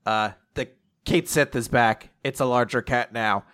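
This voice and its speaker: A man's voice: mid-range voice, fairly even intonation, a little slow, fairly bright tone. A man hosting a podcast, loosely recapping comic chapters with lots of fillers and the odd curse. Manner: loose, filler-heavy, occasional swearing. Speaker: podcast host. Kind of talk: casual chat recapping comics.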